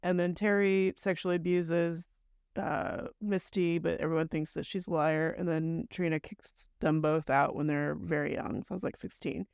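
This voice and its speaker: Low-voiced woman podcast co-host, dry sound. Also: steady tone, normal speed, gravelly, darkish tone, clear, resonant tone, no echo. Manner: conversational, recounting events in long run-on chains; blunt, mild swearing. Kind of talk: casual chat recapping a story.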